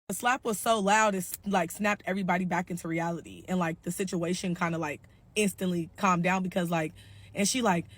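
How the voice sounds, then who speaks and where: A woman's voice: fairly low pitch, brisk, no room sound. Slangy woman telling gossip, dry sound. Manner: animated, slangy, profane gossip. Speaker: storyteller. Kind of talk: casual storytime.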